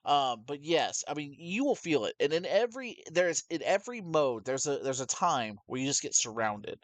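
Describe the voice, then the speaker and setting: A young man co-hosting a casual gaming chat, rambling and animated, with many restarts. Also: on the high side, normal speed, no echo. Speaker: podcast co-host.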